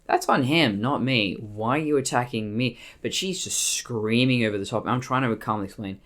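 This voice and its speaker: An Australian woman telling a personal story on her vlog in a blunt, profane, animated way. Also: rumbling low, moderate pace, few pauses. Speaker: vlogger.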